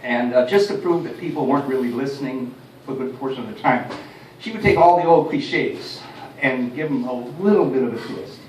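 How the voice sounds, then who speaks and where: A man's voice: mid-range voice, expressive, fairly quick, slight background noise. A man from Detroit doing a chatty, self-deprecating stand-up routine, chuckling at his own jokes. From Detroit, USA. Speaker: stand-up comedian. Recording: roomy, distant mic, faint ambience.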